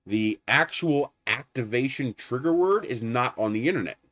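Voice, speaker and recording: A man's voice: mid-range voice, moderate pace, no room sound. Rambling man chatting on a livestream. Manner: rambling, animated, laughs at his own jokes. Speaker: livestream host. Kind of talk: casual livestream chat.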